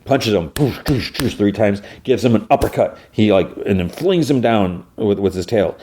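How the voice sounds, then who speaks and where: A man's voice: fairly low pitch, animated, normal speed, dark tone. A man hosting a podcast, casually recapping an episode in a rambling way with lots of fillers. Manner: rambling, full of fillers and restarts. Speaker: podcast host.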